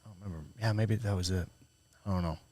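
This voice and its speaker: Low-voiced man telling a profane story. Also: fast. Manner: profane, animated when retelling a confrontation. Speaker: podcast host. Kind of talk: casual conversation, storytelling.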